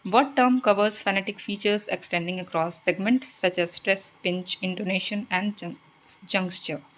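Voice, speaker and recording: Brief: female exam-prep tutor, steady mid-pitched voice, reads questions then explains the answers. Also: moderate pace, poor audio. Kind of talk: reading quiz questions and answers.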